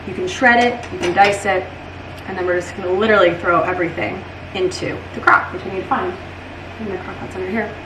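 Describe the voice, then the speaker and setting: A woman's voice: medium pitch, fairly even intonation, brisk, reverberant, recorded from a distance, noisy background. A young woman vlogging casually from her home kitchen, bubbly and chatty, joking as she cooks. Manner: bubbly and chatty, jokes while cooking. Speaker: lifestyle vlogger. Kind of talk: casual vlog chat.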